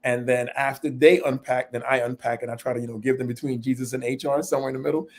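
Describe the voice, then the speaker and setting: A man in middle age talks openly on a panel discussion at an ordinary, middle pitch. He speaks earnestly and pokes fun at himself, with a laugh slipping into his stories now and then. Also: level tone, fast. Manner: earnest and self-deprecating, laughs while telling stories. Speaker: panel guest.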